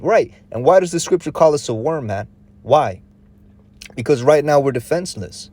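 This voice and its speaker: A man with a slightly high, animated, somewhat mellow voice speaks at normal speed. He teaches scripture in an informal street-preacher style, full of slang and profanity, often restarting, asking rhetorical questions, and checking in with "all right?" and "man".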